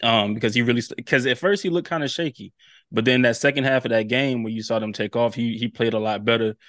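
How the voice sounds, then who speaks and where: A man, a guest on a sports podcast, chatting about football in a relaxed, slangy way. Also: medium pitch, fast talker, no echo, studio quality. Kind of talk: casual sports chat.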